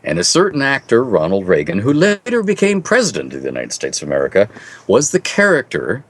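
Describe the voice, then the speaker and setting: A middle-aged man, a fantasy author, giving long animated answers as an interview guest and telling stories with a chuckle. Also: fairly low pitch, brisk. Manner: animated storyteller, lively and chuckling.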